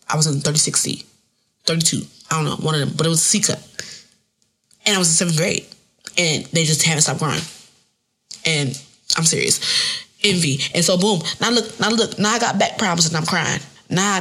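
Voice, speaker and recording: A woman in her thirties, a podcast host, telling a funny story in casual, animated, profane speech with AAVE. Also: low voice, husky. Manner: animated, profane, laughs often.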